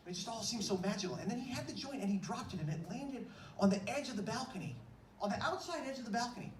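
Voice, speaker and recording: A man telling a comic story on stage in an animated, breathless, exclamatory way. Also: sits high, quick pace, few pauses, slight background noise. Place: stage in a large room. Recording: echoey stage from far off, faint room ambience.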